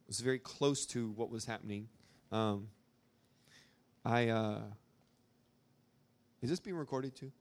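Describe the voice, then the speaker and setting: A man's voice: mid-range voice, measured pace, long pauses. A young man from Arkansas speaking informally to a live audience, rambling through a story with lots of fillers. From Arkansas, USA. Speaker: speaker at a church gathering.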